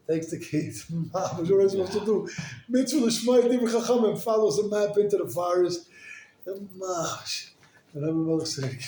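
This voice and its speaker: A rabbi telling stories in a sermon, animated and casual, full of "like" and "you know.". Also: male voice, fairly high pitch, fairly quick. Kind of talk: storytelling sermon. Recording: echoey room with faint noise.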